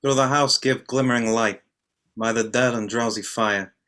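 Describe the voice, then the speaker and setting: A man gives voice to a stately ruler speaking rhymed verse. His voice is bright and sits at a middle pitch. He stumbles and repeats words at times. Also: steady tone, moderate pace, close to an everyday voice. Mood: solemn. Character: Theseus, a stately duke, and Oberon, a fairy king. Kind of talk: amateur online play reading.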